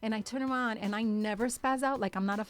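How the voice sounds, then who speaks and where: A woman telling a lively story as a radio show guest, acting out the people in it. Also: fairly high pitch, fast talker, faint music behind. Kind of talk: animated storytelling in casual chat. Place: radio studio.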